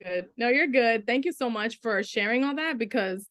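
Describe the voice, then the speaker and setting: Middle-aged woman from the Dominican Republic, panel speaker, higher voice, tells stories with quoted dialogue, dry recording. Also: normal speed, dry recording. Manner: animated storytelling with quoted dialogue. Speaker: Spanish teacher, panelist. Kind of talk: panel discussion.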